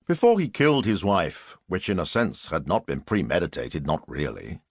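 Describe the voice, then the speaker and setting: Gravelly low-voiced male narrator. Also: sing-song, moderate pace, dry recording, studio quality. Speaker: audiobook narrator. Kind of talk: scripted narration.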